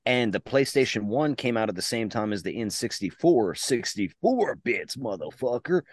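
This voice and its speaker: A man co-hosting a podcast in casual chat, excitable and swearing freely. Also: mid-range voice, moderate pace. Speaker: podcast co-host.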